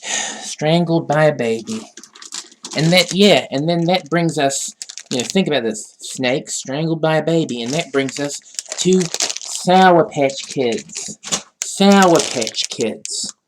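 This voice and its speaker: A man's voice: fairly high pitch, a little slow, a little hiss or hum. Rambling man ranting absurdly. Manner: rambling, absurd, full of "you know". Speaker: vlogger. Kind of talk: casual comedic rant.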